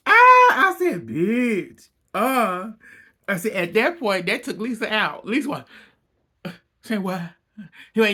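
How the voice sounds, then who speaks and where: A man giving a casual recap of a reality TV episode, acting out what people said with lots of laughter and sudden loud outbursts. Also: sits high, very slow, long pauses. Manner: animated storytelling, acting out quotes, frequent laughter and outbursts.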